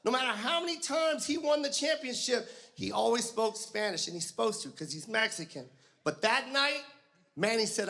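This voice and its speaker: A male stand-up comedian telling stories with animated, profane delivery, shouting his punchlines on stage. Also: high-pitched, normal speed. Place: comedy stage before a live audience. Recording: live stage mic with audience and room noise.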